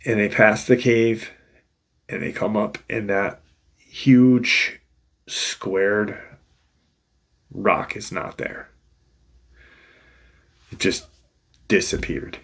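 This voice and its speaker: Slow gravelly guy rambling through a creepy story, husky and kinda low. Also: fairly bright tone. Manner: rambling, loose, with restarts and "you know". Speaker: channel host retelling encounter stories. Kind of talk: casual storytelling narration.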